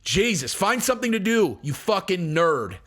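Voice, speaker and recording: A man hosts his vlog in a casual, swearing rant, his fairly high voice bouncing up and down with lively energy. He talks bluntly and dismissively. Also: moderate pace. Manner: profane, blunt, animated ranting. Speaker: vlog host. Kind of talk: casual ranting commentary.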